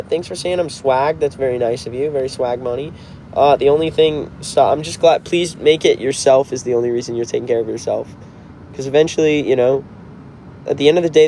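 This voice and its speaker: A man in his twenties, a band member, hosts a livestream from a car, chatting casually and answering viewer comments. His voice is medium-pitched and warm, with a little hiss or hum in the audio.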